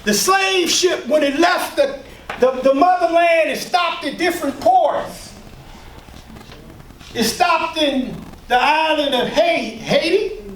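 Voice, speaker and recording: Emphatic male speaker with a very high voice, preacher-like cadence, heard from far off in an echoey room. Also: slow, a bit bright, a little hiss or hum. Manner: emphatic, preacher-like, with call-and-response and mocking asides. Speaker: workshop leader and speaker. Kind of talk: lecture to a live audience.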